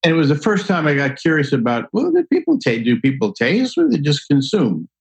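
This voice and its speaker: An older man telling a long personal story in a casual, animated way, acting out the voices of people he quotes. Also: on the high side, fairly quick, gravelly, poor audio. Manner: animated, acts out quoted voices, laughs often. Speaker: guest storyteller.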